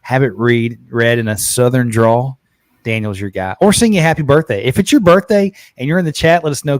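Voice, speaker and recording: A man hosting a live podcast, chatting casually and excitedly, often repeating words as he goes. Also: mid-range voice, no room sound. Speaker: podcast host. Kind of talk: casual live-stream chat.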